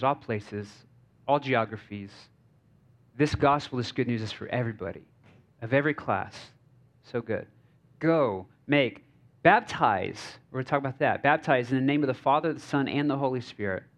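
An American pastor gives a conversational sermon from a church stage, his pitch in an ordinary middle range for a man. He's loose and joking, drops fillers like "like" and "uh," and keeps asking the crowd whether they follow him.

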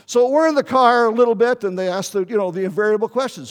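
Older male pastor, high voice, earnest storytelling sermon, long hall reverb. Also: fast, hardly any pauses. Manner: storytelling, earnest, pleading with the congregation.

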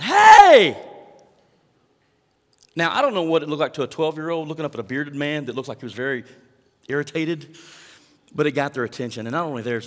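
Animated pastor in a reverberant hall. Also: male voice, a little high. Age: middle-aged. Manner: animated storytelling, swings from hushed to loud. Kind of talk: sermon. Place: large church hall.

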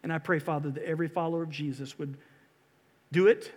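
Male pastor, high voice, fervent sermon delivery, hall reverb. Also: fairly even intonation, fast. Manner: impassioned, rising to loud exhortation and dropping to hushed pleas.

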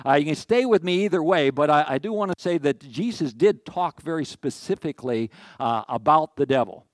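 A man in his sixties preaches in a folksy, rambling way, drifting into asides and jokes between verses. His voice sits a bit high for a man. The sound is close and dry. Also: expressive, fairly quick, no echo. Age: 60s. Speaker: pastor. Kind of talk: sermon.

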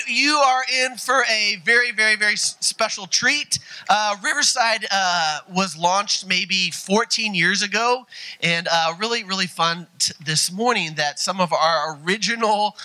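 Pastor, man; bright and eager, filler-heavy introduction. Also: high voice, animated, a little slow, low-quality recording. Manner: upbeat, enthusiastic, filler-laden. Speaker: church pastor introducing the speaker. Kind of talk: welcome and introduction.

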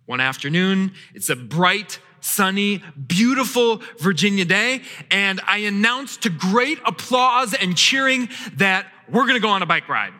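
A man in his thirties preaches a sermon in a church, his voice set high and cutting with a bright, sharp edge. His delivery swings between loud bursts and hushed asides as he tells stories and acts out little quotes. A long hall reverb trails behind every line. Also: lively intonation, measured pace, hardly any pauses. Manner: storytelling with acted quotes and sudden shifts in loudness. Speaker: pastor. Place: church sanctuary.

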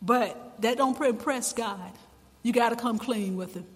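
A man preaching a sermon with passion, his voice climbing to shouts at times. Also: very high-pitched, a little slow. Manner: impassioned preaching, rising to shouts. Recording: long reverb in a large hall.

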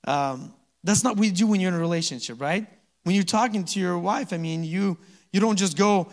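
A man preaching a sermon as pastor, conversational and quick to chuckle, often asking the congregation to answer back. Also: high voice, big-room sound. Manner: conversational, asks the congregation to respond; chuckles often between points. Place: church sanctuary.

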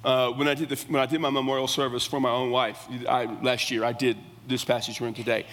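A man's voice: medium pitch, little pitch movement, fast talker, a bit bright. A middle-aged man preaching a sermon as a pastor, earnest and emphatic, often restarting his words. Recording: long reverb of a church hall.

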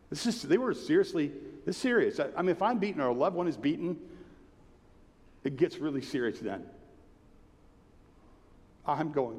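A man preaching a sermon in a conversational, emphatic way, sometimes dropping to a hushed tone. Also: on the high side, big pitch swings, normal speed, pauses often. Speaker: pastor. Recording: long hall reverb.

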